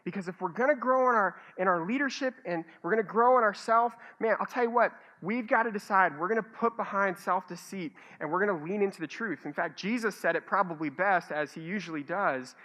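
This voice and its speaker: A male pastor delivering a sermon from a church stage. His voice is bright and forward, and he moves between earnest appeals and self-mocking stories told with plenty of animation. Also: high-pitched, a little fast, few pauses.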